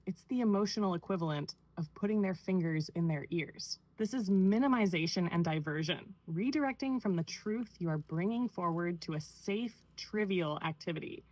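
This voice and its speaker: A synthetic woman's voice giving a measured, clinical analysis in the manner of a therapist. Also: on the low side, no room sound, low-quality recording. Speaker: AI therapist-style responder. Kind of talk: clinical analysis read aloud.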